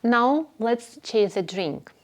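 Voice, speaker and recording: A woman teaching beginner English, speaking clearly and patiently and repeating phrases for learners to follow. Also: on the high side, lively intonation, slow pace. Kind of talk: slow instructional narration.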